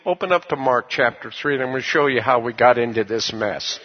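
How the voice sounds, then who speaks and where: A man preaching a sermon, telling a folksy story and rising into loud shouts of praise. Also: medium pitch, brisk, hardly any pauses, some chatter behind. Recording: dull lo-fi sermon recording.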